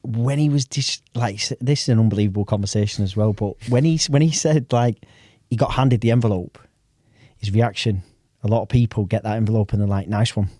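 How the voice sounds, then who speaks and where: A man co-hosting a podcast, commenting on his guest's story in a thoughtful, halting way. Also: lowish voice, dark tone, dry recording, clean studio sound. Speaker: podcast co-host. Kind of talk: casual podcast chat.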